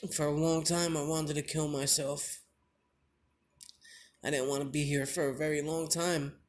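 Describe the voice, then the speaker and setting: A young father telling a personal story in a confessional vlog, emotional and halting, with many pauses and fillers. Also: a little high, level tone. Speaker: father sharing his injury story.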